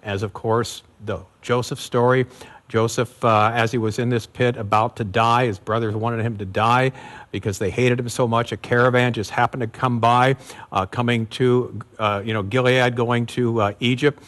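A man preaching in an easygoing, conversational teaching style, his voice sitting in an ordinary middle pitch. He pauses on fillers now and then and drives points home by repeating key words. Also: little pitch movement, fairly bright tone. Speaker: pastor. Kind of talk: expository sermon.

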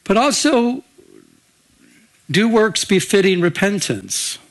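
Older pastor preaching in a chatty way. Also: male voice, sits high, big pitch swings, slow pace. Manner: conversational, repeats and restarts, asks the room for amens. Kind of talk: sermon.

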